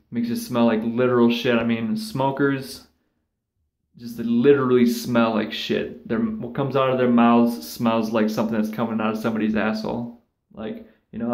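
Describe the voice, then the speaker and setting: A man ranting casually and sarcastically, rambling with lots of swearing and mocking impressions of others. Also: medium pitch. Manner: rambling, profane, sarcastic, with mocking put-on voices. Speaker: vlogger. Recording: echoey room.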